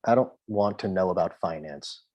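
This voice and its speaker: Deep-voiced, offhand comedy writer. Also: male voice, normal speed, dull audio. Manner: sarcastic, offhand, low-key. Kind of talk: casual chat.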